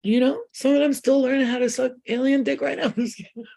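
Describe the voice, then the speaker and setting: A woman's voice: high voice, fairly even intonation, fast talker, vocal fry, warm tone. A woman hosting a spiritual channel in a casual late-night live chat from her bed, joking and swearing a lot and laughing often. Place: in bed at home.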